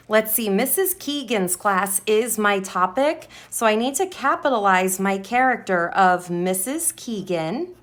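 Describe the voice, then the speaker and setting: Woman writing teacher, unhurried, talks through each sentence as she writes, repeats key words. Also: mid-range voice, lively intonation, fairly bright tone. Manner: slow, deliberate, repeats words while writing. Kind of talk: classroom writing lesson, modeling aloud.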